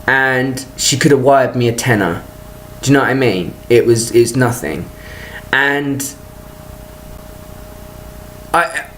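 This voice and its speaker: Vlogger going off on a rant, lots of swearing, choppy restarts, faint hum of the room behind. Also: mid-range voice. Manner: profane, exasperated storytelling; talks in stop-start bursts with restarts. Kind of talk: ranting personal vlog.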